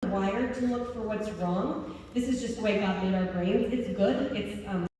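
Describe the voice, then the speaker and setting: A woman's voice: medium pitch, measured pace, mellow, far from the mic. Chatty woman speaking in an echoey hall. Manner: chatty, self-deprecating, laughs often. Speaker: convention speaker. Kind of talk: humorous talk to homeschool parents. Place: large convention hall.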